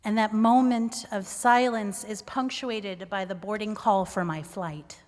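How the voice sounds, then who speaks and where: A woman telling a personal story on stage, animated and self-mocking. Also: medium pitch, a little slow, few pauses. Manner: animated, self-mocking, acts out quoted voices. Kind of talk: live storytelling. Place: performance venue stage. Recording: live stage with long hall reverb.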